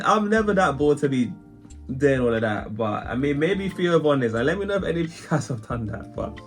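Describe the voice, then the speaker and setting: A man's voice: mid-range voice, a bit bright. Chatty British man reacting on camera. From Britain. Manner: rambling, laughs often, talks to viewers. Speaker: reaction video host. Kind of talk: casual reaction commentary.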